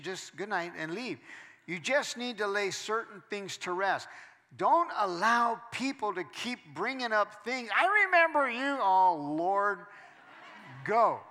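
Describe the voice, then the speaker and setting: A male pastor delivering a sermon in a big reverberant hall. His voice sits a little high and rings bright. He moves from hushed storytelling to loud, emphatic preaching.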